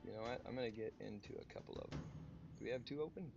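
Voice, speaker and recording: Gravelly-voiced man rambling on a game stream. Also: medium pitch, rapid-fire. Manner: rambling, talks to himself and chat. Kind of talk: casual live-stream chat. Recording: dull lo-fi stream audio with music.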